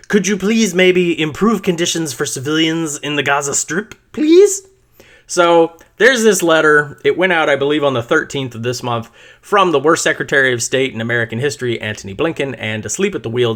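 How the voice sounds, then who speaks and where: A middle-aged man talks alone on his podcast in a loose, conversational way. His pitch swings widely as he tells a story, his tone is bright and forceful, and he swears freely and often restarts his sentences. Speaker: podcast host. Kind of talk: casual solo podcast monologue.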